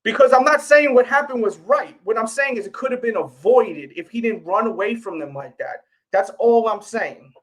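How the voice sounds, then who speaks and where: A man with a strong New York accent hosts a casual livestream, talking straight to his viewers. His delivery is blunt and forceful and pushes back in an argumentative way. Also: very high voice, fairly quick, hardly any pauses, rough recording. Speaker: livestream host.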